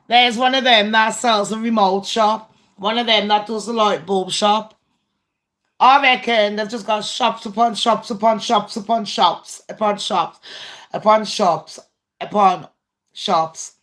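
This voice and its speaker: Bright, sweary British woman. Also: mid-range voice, steady tone, takes it slowly, pauses often. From Britain. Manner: blunt, sweary, rambling. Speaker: channel host. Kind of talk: casual livestream chat with viewers.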